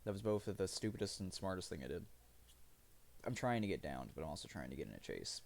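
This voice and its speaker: A man narrates his own game live, rambling and cursing while laughing at his own mistakes. His voice sits low with a rough, fry-heavy grain. The pitch leaps around a lot as he reacts. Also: big pitch swings, fast. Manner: rambling, profane, self-mocking. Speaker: streamer. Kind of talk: live gameplay commentary.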